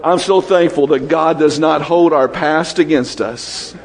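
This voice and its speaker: A man preaching a sermon, quick-fire and lively, often asking questions of the congregation. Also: a little high, gravelly, long reverb tail.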